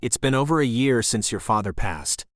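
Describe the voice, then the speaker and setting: A man's voice: mid-range voice, expressive, normal speed, a bit bright, dry recording, studio quality, lightly acted. A man voicing an Irish resort owner who talks in a lilting, insistent way.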